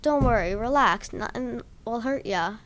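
A woman voicing a big, gentle, secretive gamekeeper who talks hastily and reassuringly. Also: on the high side, animated, measured pace. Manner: hasty, reassuring.

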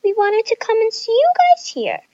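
Brief: woman voicing cackling, mock-innocent rival girls, high-pitched. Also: huge pitch swings, slow, no echo, highs cut off, exaggerated voice. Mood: smug. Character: two sly, scheming girl rivals.

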